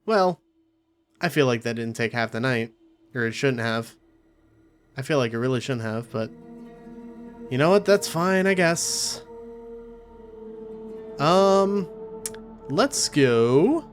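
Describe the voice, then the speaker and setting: Man, mid-pitched voice, reads game narration aloud, casual asides, let's play host. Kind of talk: reading a visual novel aloud with commentary.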